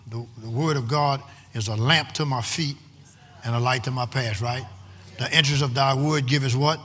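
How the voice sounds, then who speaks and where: Bright-voiced preacher man in a reverberant hall. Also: medium pitch, fairly even intonation. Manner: emphatic, calls out to the congregation, drawn-out shouted lines. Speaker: pastor. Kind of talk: sermon. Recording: long hall reverb, faint room noise.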